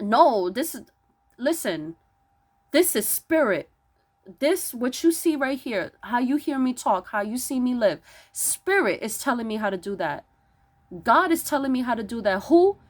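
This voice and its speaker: A fairly high-voiced woman preaching about spiritual self-work with mounting intensity. She restarts her words often and builds into loud, emphatic rhetorical questions, close to yelling. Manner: stammering restarts. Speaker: spiritual vlogger. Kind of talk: impassioned spiritual monologue.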